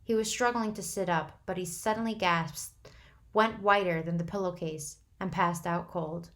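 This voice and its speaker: A woman reads a novel aloud to her students. Her narration is steady and unhurried, plain and attentive to the story. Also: lowish voice. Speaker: teacher reading to a class.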